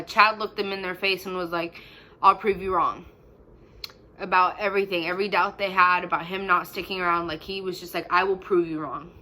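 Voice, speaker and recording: A woman's voice: on the low side, sharp tone, slight background noise, rough recording. A young woman telling a personal story in a chatty, casual way, full of fillers. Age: young adult. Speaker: vlogger.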